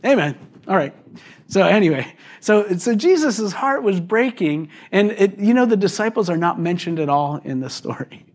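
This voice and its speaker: A male pastor preaches to his congregation in an easygoing, conversational manner. His voice sits a little high for a man, and he retells the story with lively, animated asides. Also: moderate pace. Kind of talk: sermon. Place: church service.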